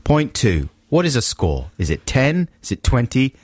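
A man's voice: medium pitch, moderate pace, slightly rough, dry recording. A man presenting a radio show, bantering with his co-host and laughing often. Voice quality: laughs often, animated delivery. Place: radio studio. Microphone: studio microphone.

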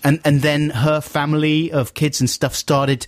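A man hosting a radio show, telling an animated story in a casual chat. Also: a little high, measured pace, no echo, clean studio sound. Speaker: radio host.

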